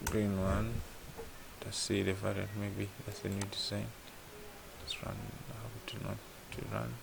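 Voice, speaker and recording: With background noise behind him, a man speaks unhurriedly in a lowish, level voice marked by vocal fry. He's teaching app programming in a casual screen-share lesson, thinking out loud and asking "what?" before answering himself.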